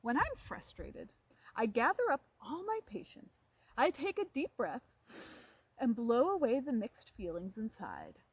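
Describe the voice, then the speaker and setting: A woman voicing a patient, gentle father in a children's storybook, speaking calmly and encouragingly. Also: on the high side, measured pace, husky, no room sound, full character voice, rough recording. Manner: calm, encouraging.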